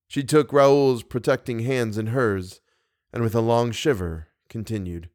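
Measured male audiobook narrator. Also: mid-range voice, steady tone, darkish tone, dry recording, clean studio sound. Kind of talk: scripted narration.

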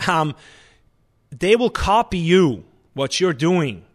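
A man, a restaurant chef and owner, talking in an animated, emphatic way in a casual interview. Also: fairly high pitch, slow pace.

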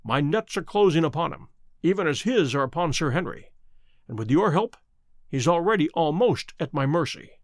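A man voicing a grim, commanding male detective who speaks low and urgently, in an audiobook reading. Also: expressive, normal speed, no echo, clean studio sound. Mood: grave.

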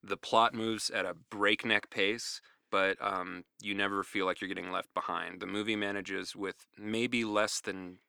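A man's voice: lowish voice, steady tone, a little slow, vocal fry, hardly any pauses, bright, forceful tone, clear, resonant tone, dry recording, clean studio sound. A man co-hosting a podcast in casual chat, giving enthusiastic opinions with self-deprecating asides. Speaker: podcast co-host.

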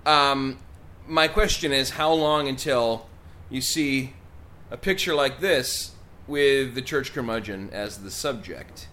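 A man's voice: mid-range voice, takes it slowly, bright, forceful tone. A man co-hosting a comedic talk show, joking and egging on his partner. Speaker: podcast co-host. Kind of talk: comedic banter.

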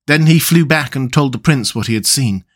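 A male storyteller reads a classic tale aloud at a middle pitch. His narration is calm and even, as he hosts his own story show. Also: normal speed. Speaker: storyteller and podcast host.

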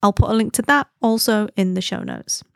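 A woman's voice: medium pitch, a little fast, no echo, studio quality. A woman hosting a podcast in a casual, rambling way, full of slang and self-deprecating asides. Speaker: podcast host. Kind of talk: casual chat.

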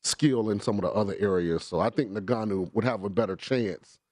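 A man co-hosts a sports betting show and offers relaxed, opinionated takes. His voice sits on the low side. It sounds dry and close to the mic. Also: normal speed, no echo. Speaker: co-host.

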